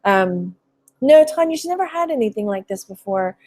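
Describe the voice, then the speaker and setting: A woman from Texas chatting casually on a live stream, rambling through a personal story with lots of "you know" fillers and pausing to greet viewers by name. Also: medium pitch, lively intonation, a little mellow. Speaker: thrift reseller vlogger.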